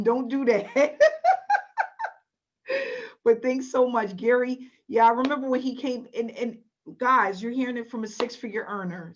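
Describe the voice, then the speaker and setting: A woman hosting a sales webinar over a video call, upbeat and chatty, talking straight to the audience. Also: mid-range voice. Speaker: webinar host. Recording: dull lo-fi webinar audio.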